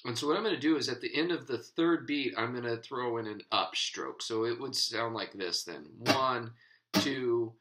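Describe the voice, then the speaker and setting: A man's voice: mid-range voice, fairly quick, few pauses, sharp tone, low-quality recording. A man teaching guitar in an instructional video, patiently explaining and counting beats aloud as he strums.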